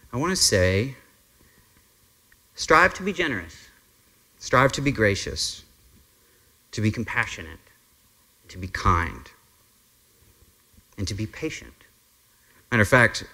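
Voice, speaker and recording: A male pastor preaches to his congregation in an earnest, conversational manner. His voice sits on the low side, and he talks loosely, with frequent ums and restarts. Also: bright, forceful tone. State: briefly emotional. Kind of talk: sermon. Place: church sanctuary.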